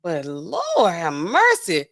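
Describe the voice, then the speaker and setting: A woman's voice: on the low side, takes it slowly. Chatty woman hosting a livestream. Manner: chatty, animated, speaks to her chat, frequent fillers. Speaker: pharmacist livestream host. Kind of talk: casual livestream commentary.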